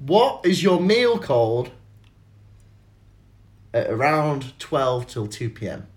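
A man's voice: medium pitch, very animated, takes it slowly. Rambling man hosting a podcast. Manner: rambling, self-mocking, laughs a lot. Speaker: podcast host. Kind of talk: casual chat.

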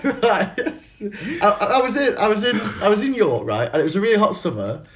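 A man's voice: high voice, sing-song, fairly quick, fairly bright tone, slight background noise. Guy hosting a chatty podcast, rambly and jokey, voice goes up and down a lot. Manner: rambling, self-mocking, laughs a lot. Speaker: podcast host. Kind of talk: casual chat.

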